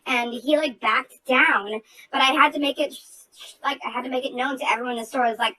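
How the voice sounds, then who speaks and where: Woman, bright higher voice, heated outspoken storyteller, loose chatty delivery with fillers. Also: fairly even intonation, fast, poor audio. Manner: outspoken and profane. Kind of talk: casual group chat.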